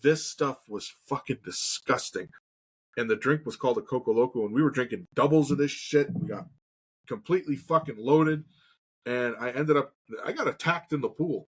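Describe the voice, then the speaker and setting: A man's voice: mid-range voice, normal speed, slightly rough. A man in his thirties co-hosting a casual talk show, telling a story with lots of swearing and acted-out quotes. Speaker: podcast co-host.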